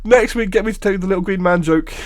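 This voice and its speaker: A man's voice: high voice, steady tone, very fast, dry recording, clean studio sound. A man co-hosting a podcast, telling long jokes in a rambling way and giggling at them. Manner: rambling storyteller, giggles at his own jokes. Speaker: podcast co-host. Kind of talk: casual chat, telling jokes.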